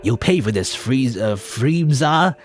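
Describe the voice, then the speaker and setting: A hot-headed muscled cartoon warrior, done by a man bellows melodramatic vows in a raised, lively voice. Clear music runs underneath. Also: mid-range voice, a little slow, natural voice. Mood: furious.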